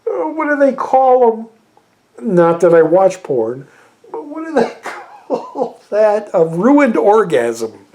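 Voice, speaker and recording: Lively-pitched exasperated male movie reviewer. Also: slow pace. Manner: exasperated, profane, rambling. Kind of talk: casual ranting review.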